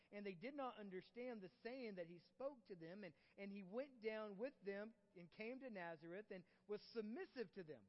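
A man's voice: high-pitched, expressive, normal speed, few pauses. A man preaching a sermon to his congregation in a conversational way, often checking in with them. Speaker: pastor. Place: church sanctuary. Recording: reverberant hall, dull muffled audio, soft guitar.

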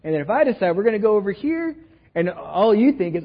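A pastor with a Texan accent preaches in a church sanctuary, his high voice animated and brisk through a muffled recording. He keeps the sermon conversational and jokey, often asking the room "right?"

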